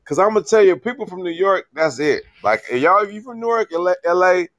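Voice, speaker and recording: A man's voice: high voice, lively intonation, fast, fairly bright tone, dry recording. A man co-hosting a casual sports podcast, telling stories with mock voices and laughs. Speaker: podcast co-host. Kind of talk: casual group chat.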